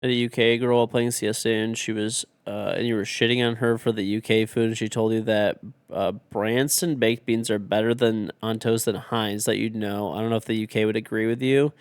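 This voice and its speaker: A man's voice: fairly low pitch, steady tone, a little fast, hardly any pauses, clear, resonant tone, dry recording. A man streaming a shooter game, talking bluntly and swearing as he chats and plays. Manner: blunt, profane, joking. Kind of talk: casual live gaming commentary.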